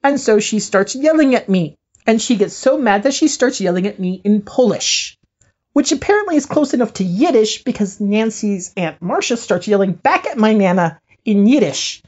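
A woman co-hosting a podcast who tells stories in an animated way and laughs a lot. Her voice is mid-pitched, and the recording sounds slightly dull and lo-fi. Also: normal speed. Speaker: podcast co-host. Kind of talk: casual podcast storytelling.

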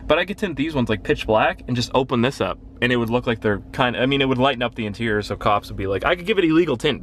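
A man's voice: mid-range voice, a bit bright, slight background noise. A young man from Canada rambling casually through a walkthrough of his car, swearing freely and apologizing often. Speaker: gaming vlogger. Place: inside a parked car.

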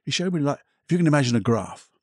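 Husky middle-aged man, candid. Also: a little high, sing-song, no room sound, studio quality. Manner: reflective, candid, casual swearing, halting pauses. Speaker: hypnotherapist podcast host. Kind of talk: solo podcast storytelling.

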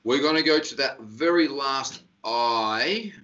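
A man's voice: mid-range voice, slow, noisy background. A man teaching singing over a video call, explaining step by step and giving short praise. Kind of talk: online singing lesson coaching. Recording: dull distant video-call audio.

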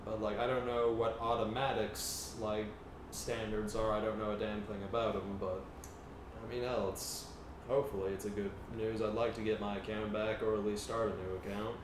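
A man's voice: on the low side, little pitch movement, normal speed. A man co-hosting a podcast, rambling casually and swearing freely. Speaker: podcast co-host. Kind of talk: casual chat. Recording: distant mic, roomy echo, faint noise.

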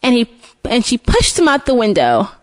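Retelling a storybook tale off the cuff, this storyteller keeps starting over and doubling back on words. She speaks at a moderate pace in a fairly high voice with huge swings in pitch, and the recording has no echo.

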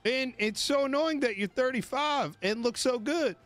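A man putting on a shrill, gushing female employee. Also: moderate pace, close to an everyday voice. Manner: high, theatrical falsetto.

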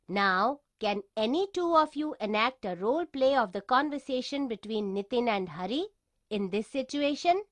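A woman with a fairly high voice narrates a story lesson for children. She asks the listening kids direct questions. The recording is close and dry. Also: animated, normal speed, dry recording.

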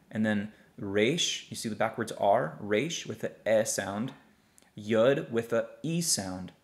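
A young man teaching a language lesson, sounding out syllables slowly and patiently and checking in with his listeners often. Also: fairly low pitch, expressive. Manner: checks in often with "okay?" and "see that?". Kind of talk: explaining a lesson.

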